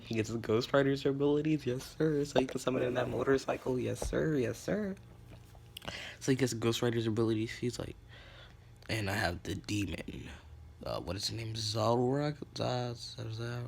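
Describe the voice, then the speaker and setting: A man's voice: medium pitch, gravelly, a little hiss or hum. A man telling an improvised fan story casually, rambling with many ums and correcting himself as he goes.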